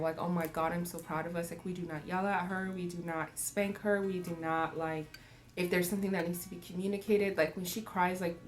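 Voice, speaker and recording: A woman in her thirties, a mother, talking casually and reflectively about raising a child, laughing often and acting out voices. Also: lowish voice. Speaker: parenting vlogger. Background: faint acoustic music.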